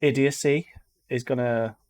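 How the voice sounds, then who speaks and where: A man's voice: mid-range voice, fairly even intonation, unhurried, a little mellow. A man from England with a light Black Country accent, hosting a reaction video in a rambling, exasperated way. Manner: rambling, exasperated, repeats words. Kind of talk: casual commentary.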